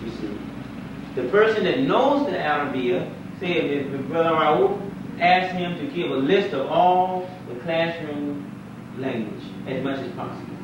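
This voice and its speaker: A man's voice: on the high side, lively intonation, measured pace, background noise. A man, an imam, teaching an Arabic class in a conversational lecture, quizzing his students with questions in a mosque classroom. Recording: echoey room, distant mic, dull lo-fi 1990s tape.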